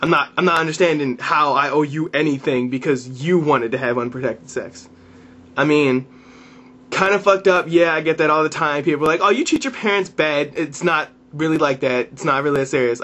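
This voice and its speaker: A young man with a high voice rants straight into his camera, exasperated and full of swearing. He keeps circling back, repeating phrases and restarting sentences as he builds his complaint. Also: steady tone, moderate pace, fairly bright tone. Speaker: vlogger. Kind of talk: ranting to camera.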